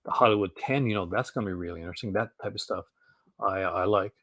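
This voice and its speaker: A man's voice: deep voice, fast talker, fairly bright tone, no echo, clean studio sound. A man with a Canadian accent, hosting a casual chat and rambling with frequent restarts. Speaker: host.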